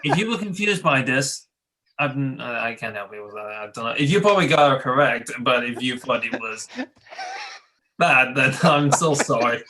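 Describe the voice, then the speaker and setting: A man's voice: medium pitch, lively intonation, fairly quick, sharp tone, slight background noise. A man co-hosting a casual gaming podcast, playful and often stumbling and restarting his sentences. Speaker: podcast co-host. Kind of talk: casual chat.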